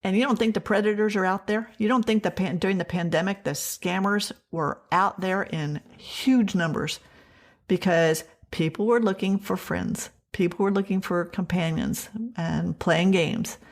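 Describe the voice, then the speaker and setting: A woman telling her personal story as an interview guest, animated and acting out the dialogue she quotes. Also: medium pitch, moderate pace.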